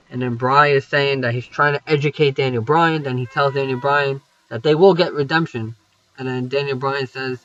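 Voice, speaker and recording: Bright-voiced young man, rambling recap. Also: medium pitch, dry recording, dull audio. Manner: rambling, swears freely, many fillers. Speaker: wrestling recap commentator. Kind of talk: casual recap over gameplay.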